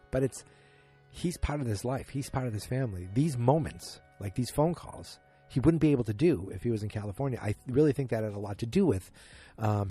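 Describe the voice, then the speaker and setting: Man, podcast host, low warm voice, casual rambling recap, self-correcting, faint background music. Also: breathy edge. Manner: rambling, self-correcting, acts out quotes loosely. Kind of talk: casual solo episode recap.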